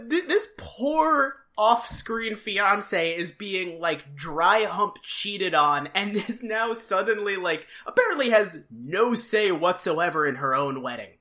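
A woman's voice: mid-range voice, bright, forceful tone. A woman co-hosting a casual podcast recap, sarcastic, and acting out quotes in exaggerated voices. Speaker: podcast co-host.

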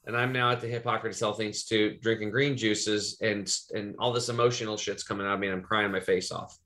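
A man's voice: lowish voice, fairly even intonation, fairly quick, pushed and bright. A man from Eastern Oregon hosting a podcast, telling a personal story in loose, rambling casual chat with some swearing. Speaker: podcast host.

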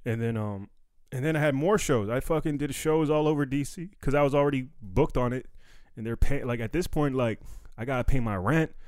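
A man's voice: mid-range voice, a little fast, darkish tone, no room sound. A young man, a comedian recovering from bronchitis, talking casually and loosely on a solo podcast with slangy filler-heavy speech. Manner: loose slangy street talk, lots of fillers and "you know what I mean". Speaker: stand-up comedian and podcast host.

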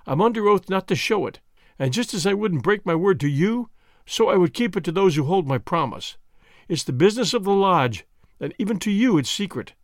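A man's voice: sits high, lively intonation, fairly quick, no room sound, studio quality. A man doing an earnest young lover. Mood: coaxing. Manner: coaxing, earnest. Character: young secretive man, ardent lover with a hard edge.

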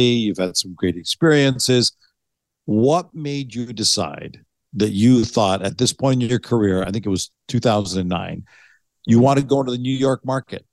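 A man's voice: on the low side, no room sound. A man hosting a podcast, eagerly recapping his guest's story before asking his next question. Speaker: podcast host. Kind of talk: interview questions.

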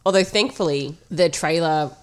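A woman's voice: deep voice, normal speed. A woman talking casually about a film she reviewed, chatty with lots of fillers and restarts. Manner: chatty, laughs often, many fillers and restarts.

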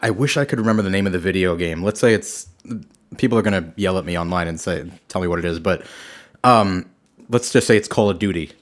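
A voice actor in casual podcast chat, telling stories animatedly and jumping into character voices. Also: male voice, low-pitched, fast. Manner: animated, jumps into voices mid-story. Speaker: voice actor guest.

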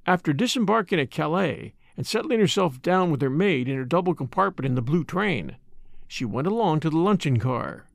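Expressive male audiobook narrator. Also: on the high side, vocal fry, dry recording, clean studio sound. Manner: expressive, deliberate. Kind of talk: dramatic audiobook reading.

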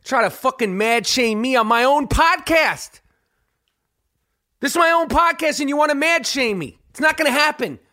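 A man hosting his own podcast, ranting in a brash, animated way, cursing and stumbling over repeated words. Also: very high-pitched, normal speed, no room sound, clean studio sound. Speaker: podcast host. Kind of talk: profane rant.

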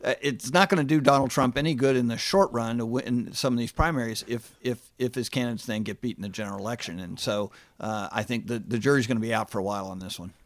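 Male political commentator, mid-pitched, halting and measured, dry recording. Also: no room sound. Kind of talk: political analysis.

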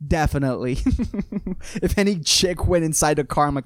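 A man's voice: fairly high pitch, brisk, smooth, dry recording, studio quality. A young man hosting a solo podcast monologue, rambling and swearing, saying "dude" constantly and laughing at his own jokes. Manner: rambling and profane, peppers every sentence with "dude". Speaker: podcast host.

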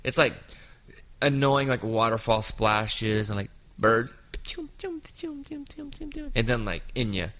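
A man in his fifties hosting a casual chat, telling an anecdote with lively jumps into quoted voices. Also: lowish voice, takes it slowly, pauses often. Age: 50s.

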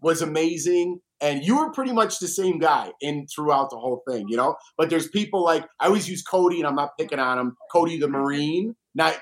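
Give me a man with a somewhat high voice chatting casually as a guest. He tells stories with energy and acts out what people said. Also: fairly quick, few pauses. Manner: animated storyteller, acts out quotes. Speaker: reality show alum guest. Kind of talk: casual chat.

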